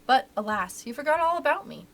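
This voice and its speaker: A woman reading aloud, voicing a gentle, wistful grown-up mother in a storybook. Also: high voice, animated, brisk, a little hiss or hum, voice pushed up. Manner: soft, wistful, tender.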